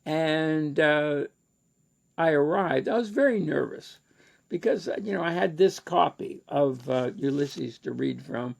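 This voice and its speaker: A man's voice: a little high, unhurried, gravelly. A man with a Canadian accent telling a rambling personal story in a casual lecture, with many fillers and restarts.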